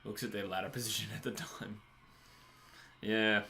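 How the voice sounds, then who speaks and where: A man's voice: fairly low pitch, fairly even intonation, moderate pace, vocal fry, pushed and bright, slight background noise. An Australian man hosting a live stream, chatting casually while watching a match, laughing often and answering viewers' comments. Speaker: livestream host.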